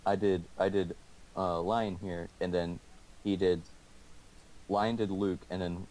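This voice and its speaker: A man's voice: deep voice, little pitch movement, takes it slowly, a little mellow. Rambling teenage guy telling a story. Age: teens. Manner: rambling, laughing, lots of restarts. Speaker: student telling a school story. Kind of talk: casual chat over a call.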